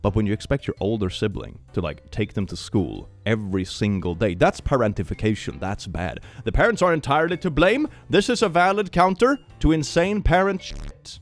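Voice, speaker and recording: Male host riffing on posts; low, expressive delivery over soft background music. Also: brisk, few pauses. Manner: animated, amused asides with frequent laughter. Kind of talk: casual reaction commentary.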